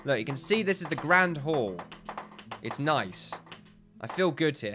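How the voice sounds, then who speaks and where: A man commentating his own building game as a YouTube let's-player, chatty and upbeat and quick to laugh at himself. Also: mid-range voice, animated, bright, forceful tone, soft background music. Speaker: gaming YouTuber. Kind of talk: casual let's-play commentary.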